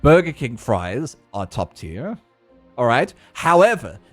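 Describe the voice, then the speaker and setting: A man's voice: medium pitch, slow pace, faint music behind. A young South African man streaming a game, ranting in casual, profane, laughing chat. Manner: animated, profane, laughing rants.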